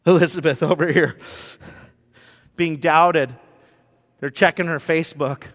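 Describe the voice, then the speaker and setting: A man pastor preaching a sermon in a room with whiteboards, telling the story in an animated way and acting out the scenes. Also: on the high side, measured pace. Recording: long reverb in a hall.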